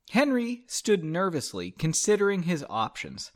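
A man's voice: fairly high pitch, very animated, measured pace, a bit bright. A man hosting a podcast, reading fan fiction aloud with sarcastic, profane asides. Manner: sarcastic, swears, breaks off with jokes. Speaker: podcast host.

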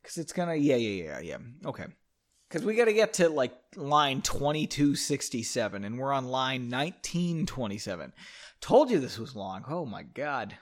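A man's voice: medium pitch, normal speed. A man reading a story aloud, breaking off for irreverent, joking asides. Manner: animated, irreverent, self-mocking. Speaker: story reader.

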